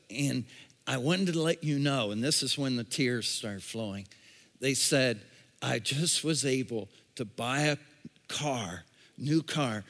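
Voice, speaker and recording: A man's voice: medium pitch, a bit bright. A man preaching a sermon as pastor, emphatic and repetitive, building intensity as he urges his congregation. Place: church sanctuary. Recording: long hall reverb.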